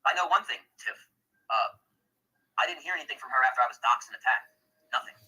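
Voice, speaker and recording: Male caller, sharp and husky, swearing and aggrieved, phone-quality audio. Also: medium pitch, animated, quick pace. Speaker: guest on a stream call. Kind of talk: heated call-in argument.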